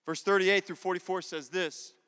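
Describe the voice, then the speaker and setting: A man's voice: high-pitched, fairly even intonation, normal speed, fairly bright tone, smooth. A man preaching a sermon with passion, repeating lines and acting out prayers in his own voice. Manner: impassioned, repetitive preaching with acted-out prayers. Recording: long hall reverb.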